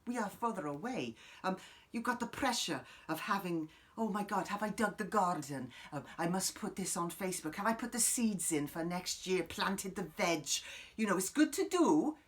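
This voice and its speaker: A man's voice: high-pitched, animated, moderate pace. Mimi Vogel, a man playing a crude, dreamy woman guru. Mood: rambling musing. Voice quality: profane, wandering, sudden loud outbursts then quiet asides. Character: eccentric middle-aged woman guru, rambling, crude, dreamy. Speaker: comic character host. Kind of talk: improvised character monologue to camera.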